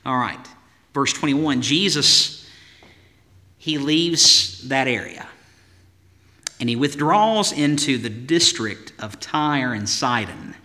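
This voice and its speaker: A man's voice: mid-range voice, expressive, slow pace, long pauses, sharp tone, big-room sound. A man preaching a sermon as pastor, in an emphatic voice with rhythmic lists and rhetorical questions.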